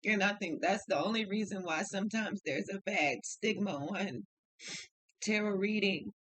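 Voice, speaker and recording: A woman's voice: mid-range voice, moderate pace, a bit bright, dry recording, rough recording. Blunt, profane woman tarot reader. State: upset and tearful. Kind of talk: casual spoken tarot reading.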